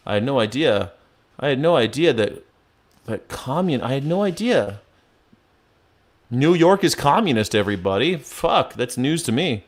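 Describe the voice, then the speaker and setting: A man's voice: a little high, expressive, moderate pace. A man hosting a casual political show, reacting to news clips with sarcastic, profane commentary and mock outrage. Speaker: host.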